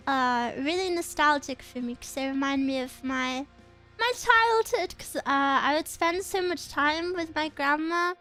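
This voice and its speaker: A woman's voice: high voice, fairly bright tone. A young woman streaming as a VTuber, chatting casually with a rambling, giggly way of talking.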